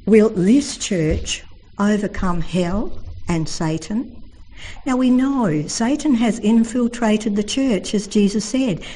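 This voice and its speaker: Woman, devotional Bible talk, earnest storytelling, mellow tone, mid-pitched voice. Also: rough recording. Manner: earnest storytelling, slows for emphasis. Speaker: Bible teacher.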